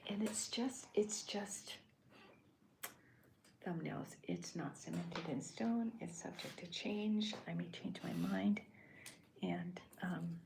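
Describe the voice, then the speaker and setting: A woman cartoonist in soft-spoken ASMR commentary, talking hesitantly with many restarts as she describes her comic panels. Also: lowish voice, slow pace, creaky, noisy background.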